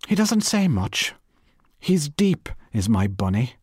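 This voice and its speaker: A man's voice: fairly low pitch, very animated, moderate pace, husky, no echo, studio quality, pitched above the performer's own voice. A man reading aloud voices a proud, talkative middle-aged wife in a raised, chattering, indignant voice. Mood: scornful proud.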